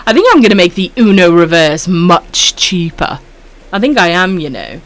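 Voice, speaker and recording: A woman's voice: on the low side, big pitch swings, moderate pace. A woman with a Welsh accent chatting casually on a live stream while gaming, swearing freely and calling viewers love and sweetheart. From Wales.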